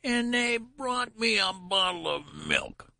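A man's voice: sits high, animated, slow, creaky, sharp tone, dry recording, studio quality, voice pushed up, exaggerated voice. A man doing a cracked, whining old man's voice. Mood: shrill protest. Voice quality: cracked, ancient voice. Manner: querulous whine. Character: querulous newborn old man, whining and frail.

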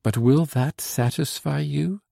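Storybook heroine: a man plays an anxious, devoted young Frenchwoman, husky and dark-toned, pleading with wide swings in pitch. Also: expressive, moderate pace, no echo, clean studio sound. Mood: earnest, pleading. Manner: pleading, emphatic rises in pitch. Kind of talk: audiobook dialogue reading.

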